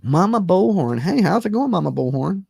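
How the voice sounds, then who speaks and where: A man hosting a casual call-in stream, talking bluntly in slang and cursing, jumping from high exclaims to low mutters. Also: sing-song, moderate pace, vocal fry, warm tone, husky, no room sound. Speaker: livestream host. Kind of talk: casual call-in chat and commentary.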